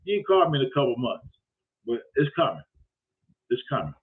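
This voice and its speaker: Animated, profane man telling a story. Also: mid-range voice, a little fast, slight background noise. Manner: profane, animated, acts out both sides of conversations. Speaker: host. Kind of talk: casual storytelling monologue. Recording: phone-like lo-fi audio.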